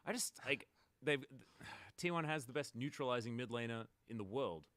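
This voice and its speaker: A man who works as an esports caster, talking in a measured, reflective way on a casual panel. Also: medium pitch, a bit bright, dry recording.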